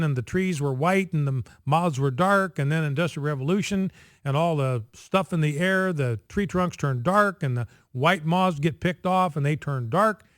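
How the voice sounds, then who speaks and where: A man hosts a talk radio show, driving his points home by repeating them. His voice sits fairly high for a man. The studio sound is dry and close. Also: no room sound. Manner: emphatic, repeats points for effect.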